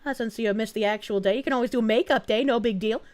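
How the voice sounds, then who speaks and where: A woman streamer chatting live, reacting fast and swearing freely while thanking donors. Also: a little high. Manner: excitable, profane, quick reactions with frequent laughs. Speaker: VTuber streamer. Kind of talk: casual live-stream chat reading donations.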